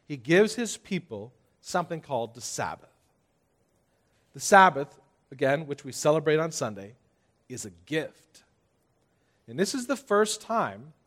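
A man preaching a sermon, getting the congregation to repeat phrases and telling stories with playful exaggeration. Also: fairly high pitch. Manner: lively preaching, audience call-and-response, playful exaggeration. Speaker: pastor.

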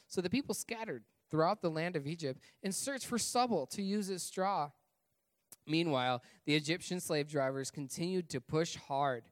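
A man reading a scripture passage aloud at a church service, with steady, measured delivery. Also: on the high side, no room sound. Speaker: scripture reader.

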